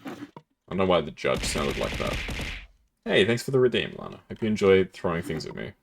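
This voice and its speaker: A man's voice: low-pitched, big pitch swings, normal speed, vocal fry, background noise. A man casually commentating his gameplay as a streamer, chatty and laughing often, with keyboard typing close to the mic.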